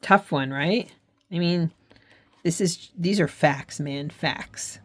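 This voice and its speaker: A woman's voice: sits low, takes it slowly. A middle-aged woman hosting a faith and journaling channel, talking to camera in an earnest, frank way with frequent restarts. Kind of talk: casual talk to camera.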